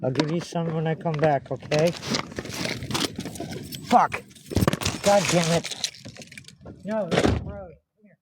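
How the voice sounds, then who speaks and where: A woman's voice: low voice, normal speed. Woman, outdoor vlog, talks to herself and to cats, swears a lot, noisy street recording. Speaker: vlogger.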